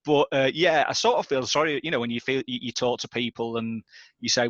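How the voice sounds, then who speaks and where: A middle-aged man, a DJ, reminiscing in relaxed, conversational chat. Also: medium pitch, fairly quick, dry recording, muffled recording. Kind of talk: casual chat.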